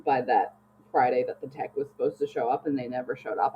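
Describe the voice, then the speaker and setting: A woman co-hosting a casual podcast chat, expressive and swearing casually as she jokes. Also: fairly quick. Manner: expressive, swings high when joking, swears casually. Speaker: podcast co-host. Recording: dull lo-fi mic with faint hum.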